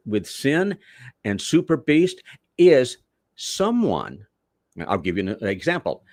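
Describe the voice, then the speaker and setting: A man's voice: mid-range voice, sing-song, takes it slowly, a little mellow, no echo, studio quality. An older man, a veteran wrestler, telling rambling stories in a theatrical, old-school way as a podcast guest. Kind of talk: storytelling in a podcast interview.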